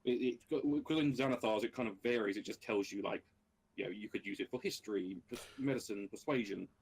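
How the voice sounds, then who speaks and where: A man's voice: medium pitch, vocal fry, a little mellow, breathy edge, low-quality recording. A man playing a tabletop game over a voice call, joking and chatting casually, often trailing off mid-sentence. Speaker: player.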